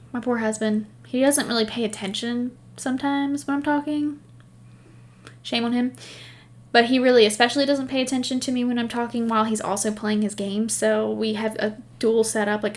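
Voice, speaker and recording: Chatty woman knitting podcast host. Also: on the high side. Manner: chatty, rambling storyteller; laughs at herself. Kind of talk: casual chat.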